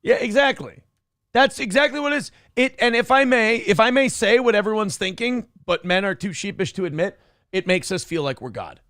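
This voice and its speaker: A man's voice: high voice, fairly quick, fairly bright tone, no room sound, clean studio sound. A man co-hosting a talk show, bantering playfully with mock-grand declarations. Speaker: co-host. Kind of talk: casual chat.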